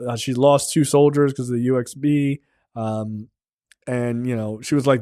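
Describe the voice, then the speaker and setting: With a clear, resonant mid-range voice at a moderate pace, a man hosting a film review podcast recounts scenes in casual, animated fashion and swears plenty. The studio-quality recording has no room sound.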